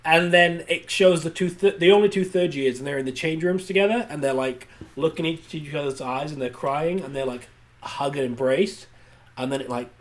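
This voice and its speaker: A man's voice: on the high side, normal speed. A man co-hosting a podcast, giving a sarcastic, laughing recap of an episode in casual chat. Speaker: podcast co-host.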